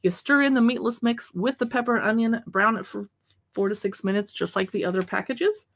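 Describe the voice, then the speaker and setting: A woman's voice: a little high, a little fast. Chatty woman reading product labels. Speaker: live stream host. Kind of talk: casual product live stream. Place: home desk.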